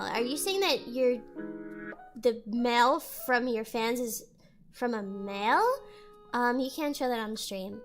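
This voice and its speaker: Reading chat messages out loud, a young female streamer rambles and giggles as she talks casually with viewers, her nose stuffed up. She sounds a little high and keeps a measured pace, over soft background music.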